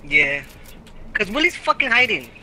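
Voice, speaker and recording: A man's voice: sits high, big pitch swings, normal speed, crowd noise, low-quality recording. A young man playing a game with friends, teasing them, laughing and trash-talking. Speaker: gaming teammate. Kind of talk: casual gaming chat with friends.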